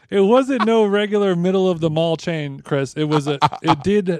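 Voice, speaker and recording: A man co-hosting a podcast, telling a long story in casual chat, animated and rambling with frequent restarts, close on the mic. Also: sits high, normal speed, slight background noise. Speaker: podcast co-host.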